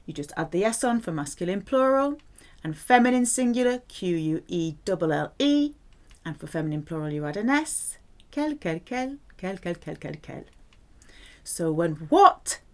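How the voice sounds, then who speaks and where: French-accented woman, animated grammar teacher, lively pitch, playful and patient. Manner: playful, animated, spells words and repeats French examples slowly. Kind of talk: grammar lesson.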